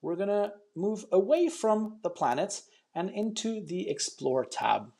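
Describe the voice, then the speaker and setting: A man's voice: high voice, very animated, a little slow, vocal fry, warm tone. A man teaching an online English pronunciation lesson, chatty and encouraging, explaining step by step with frequent ums.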